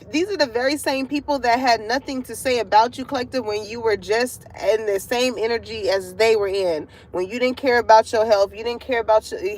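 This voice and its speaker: A woman with a slightly high voice reads tarot cards for her audience from a parking lot. She keeps it loose and conversational, peppering the reading with curses and frequent laughter. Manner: chatty, profane, laughs often. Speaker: tarot card reader. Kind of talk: casual spiritual reading to viewers.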